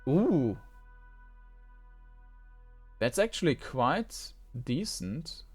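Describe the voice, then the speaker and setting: A man's voice: on the high side, big pitch swings, extremely slow, husky. A man giving casual let's-play commentary, musing and thinking aloud as he plays. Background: faint game music.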